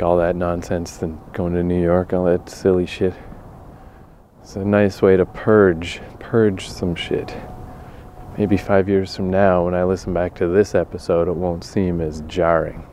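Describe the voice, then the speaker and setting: A man's voice: sits low, steady tone, unhurried, dark tone, slight background noise. A tired man hosting his own podcast, rambling on his own, self-deprecating and swearing often. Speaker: podcast host. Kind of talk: rambling solo monologue.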